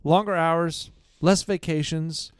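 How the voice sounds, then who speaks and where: A man's voice: a little high, fairly even intonation, smooth, no room sound, clean studio sound. Heated, swearing middle-aged American man. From United States. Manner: heated, indignant, swears often, halting restarts. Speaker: podcast co-host. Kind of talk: casual profane podcast rant.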